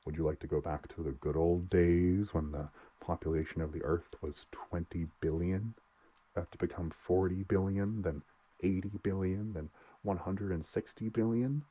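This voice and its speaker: Smug old doc lecturing, guy reading it, low mellow voice, slow and measured. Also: steady tone, husky, dull audio. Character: composed elderly male doctor, lecturing, self-assured.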